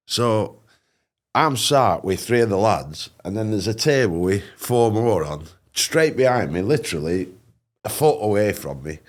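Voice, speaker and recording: Male co-host, low voice with a swooping pitch, blunt storyteller. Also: measured pace. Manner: animated, blunt, dialect grammar. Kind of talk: casual anecdote telling.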